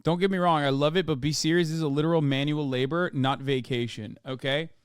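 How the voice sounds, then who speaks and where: A man hosting a live-stream reaction, talking in an animated, profane, ranting way. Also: a little high, fast, clean tone, no echo, studio quality. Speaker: streamer host.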